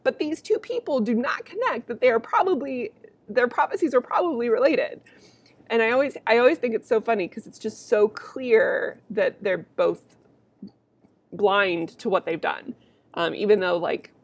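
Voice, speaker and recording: A woman's voice: fairly high pitch, moderate pace. A young adult woman teacher reading a play aloud and explaining it to students in a casual, chatty way, with sarcastic asides.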